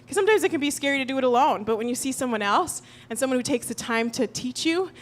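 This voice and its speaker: Animated woman telling a church story. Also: high voice, fast. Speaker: church speaker. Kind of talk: sermon storytelling. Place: church auditorium.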